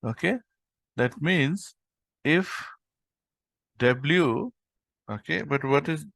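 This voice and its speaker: A man teaching a coding lesson, thinking aloud as he types and filling pauses with okay and um. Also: a little high, vocal fry, fairly bright tone, no room sound, clean studio sound. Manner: thinks aloud while typing, many fillers like okay and um. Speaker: programming tutor. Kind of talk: screen-recorded coding lesson.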